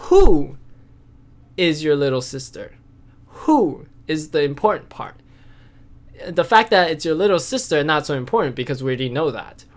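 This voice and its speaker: A man teaching a casual online language lesson, explaining patiently with frequent fillers and restarts and stressing key words. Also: medium pitch.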